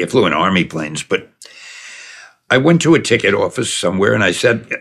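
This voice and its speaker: A man's voice: medium pitch, vocal fry, a bit bright. An older man telling a long personal story in a casual, digressive way, chuckling as he goes. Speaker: storyteller recalling his past. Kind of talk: casual spoken reminiscence.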